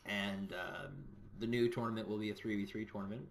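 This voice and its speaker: A man co-commentating a strategy game match in a relaxed, joking way. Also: lowish voice, a little fast, vocal fry, slight background noise. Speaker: game caster. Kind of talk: esports commentary.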